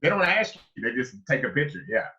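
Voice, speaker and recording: Animated storytelling man, bright voice. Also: mid-range voice, quick pace. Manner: animated storyteller, acts out reactions with loud exclamations. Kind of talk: casual chat. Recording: muffled lo-fi sound.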